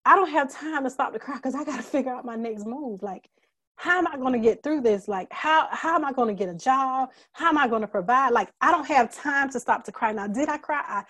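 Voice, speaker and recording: A middle-aged woman as a guest, telling her story candidly in an earnest, halting way, holding back tears. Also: high-pitched, animated, fairly bright tone, no room sound. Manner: earnest, halting, many fillers and restarts; emotional, fighting back tears. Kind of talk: candid conversational testimony.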